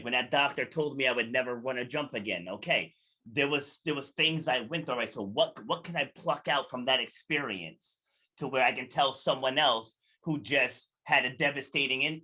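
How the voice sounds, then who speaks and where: Bright, husky-voiced man telling his story. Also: mid-range voice. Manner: earnest and motivational, acts out quoted dialogue. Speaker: podcast guest. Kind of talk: casual interview storytelling.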